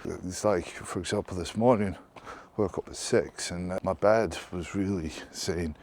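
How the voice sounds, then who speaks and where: A man's voice: deep voice, a little slow, a little mellow, a little hiss or hum. A young man talking casually in a rambling, chatty vlog, swearing now and then. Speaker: fitness vlogger.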